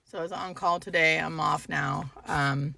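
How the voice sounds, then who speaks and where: A woman hospice nurse talking to her phone from her parked car, tearful and fighting back crying, with halting speech full of "like". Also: sits low, fairly even intonation, gravelly, pushed and bright, a little hiss or hum. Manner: halting, heavy use of filler "like". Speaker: hospice home care nurse. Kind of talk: emotional vlog monologue.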